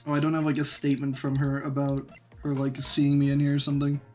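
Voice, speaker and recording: A woman's voice: a bass voice, monotone, fast, warm tone, faint music behind. A woman casually commenting while streaming a game, playful and laughing, swearing freely.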